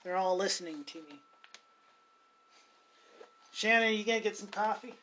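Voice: medium pitch, normal speed, bright, forceful tone, a little hiss or hum. A podcast host chatting casually at home, rambling, laughing often and swearing now and then. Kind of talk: casual chat. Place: at home with cats.

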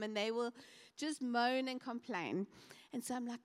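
High-voiced woman preaching in a hall. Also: a little fast. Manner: animated storytelling, acting out voices. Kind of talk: sermon. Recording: reverberant hall.

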